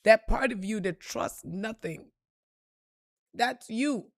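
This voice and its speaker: A woman giving an unscripted motivational talk and telling a story straight to her viewers, blunt and profane, swinging between quiet asides and loud emphasis. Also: fairly high pitch, slow, no room sound, studio quality. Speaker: spiritual reader and motivational speaker.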